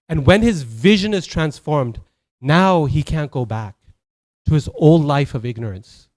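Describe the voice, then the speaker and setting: A man's voice: a little high, lively intonation, unhurried, a little mellow. A man giving a Sunday sermon as a temple speaker, telling stories conversationally, with many fillers and restarts.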